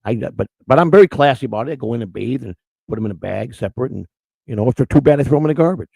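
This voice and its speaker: A gravelly man talks crudely and rambles, often stumbling over his words. His voice sits mid-pitched, and the recording is close and dry. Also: expressive, very fast, dark tone, dry recording, rough recording. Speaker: co-host of a live-streamed morning show. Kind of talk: rambling casual chat reading live chat.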